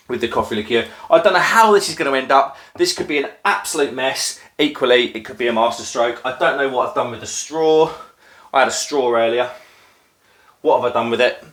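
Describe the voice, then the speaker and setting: At home and crouched down, a craft beer video host from Norfolk, England, chats casually while making a drink. He rambles and is self-deprecating, with lots of filler ums, in a casual vlog recorded on a phone. His mid-range voice has a fairly bright tone.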